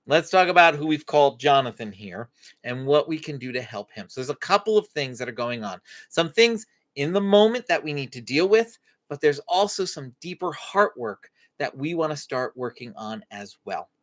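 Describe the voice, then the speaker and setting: A woman's voice: low voice, animated, moderate pace. A woman hosting a faith-based parenting Q&A live stream, acting out short parent-child dialogues as she teaches.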